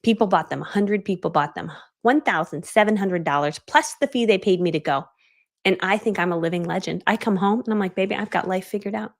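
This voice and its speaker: A woman's voice: lowish voice, animated, brisk. A middle-aged woman coaching on a live stream, telling her story animatedly and acting out the voices of the people in it. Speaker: online business coach.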